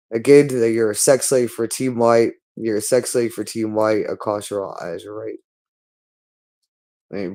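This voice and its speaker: A man's voice: mid-range voice, darkish tone. Hostile man in a profane tirade. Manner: hostile, repetitive and profane, berating. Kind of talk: angry monologue.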